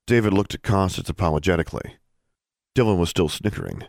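A man reading a novel aloud as a narrator, even and unhurried. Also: deep voice, vocal fry, dry recording, clean studio sound. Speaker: audiobook narrator. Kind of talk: scripted narration.

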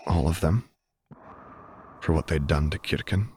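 A man voicing a gentle young man who speaks softly and earnestly. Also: extremely low pitch, unhurried, slight background noise. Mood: tender. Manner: soft, quiet, earnest.

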